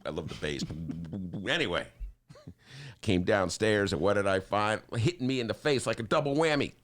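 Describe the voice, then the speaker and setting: A man's voice: fairly low pitch, normal speed, fairly bright tone, faint music behind. An older man from Chicago hosting a talk show, ranting theatrically and laughing as he talks. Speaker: host.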